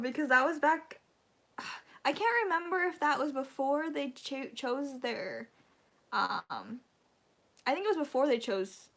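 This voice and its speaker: Speaking in a high, unhurried voice that's creaky and fairly bright, a young woman talks on a casual fan livestream. She gushes and rambles with lots of fillers, emotional and nearly in tears.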